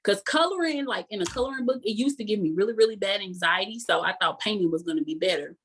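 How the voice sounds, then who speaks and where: A woman life coach giving a motivational talk in a folksy, sermon-like way, repeating key phrases slowly for emphasis. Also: medium pitch, animated, fairly bright tone, slight background noise. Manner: folksy and sermon-like, calls the audience "y'all" constantly.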